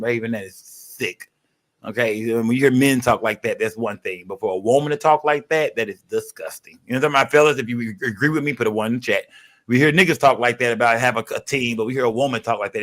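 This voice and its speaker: A young man hosting a casual livestream, rambling and profane, giving constant shout-outs to his viewers. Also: medium pitch. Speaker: livestream host.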